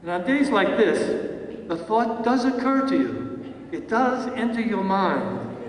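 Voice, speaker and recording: A man's voice: high voice, animated, slow, background noise. Distant man giving an acceptance speech. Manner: anecdotal storytelling with hesitant fillers. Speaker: award recipient, acting teacher. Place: large event hall. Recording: echoey hall from far off.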